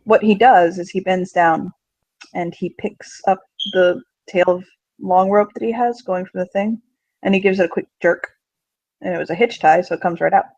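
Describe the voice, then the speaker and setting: A man narrates his character's actions in a collaborative role-play, thinking aloud in a relaxed way. His voice is gravelly and husky. The dry recording sounds dull and lo-fi. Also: sits high, moderate pace, no room sound.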